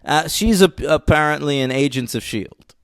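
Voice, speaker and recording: A man co-hosting a film podcast in casual chat, excitable and swearing, teasing his co-host. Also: on the high side, moderate pace, clean tone, dry recording, clean studio sound.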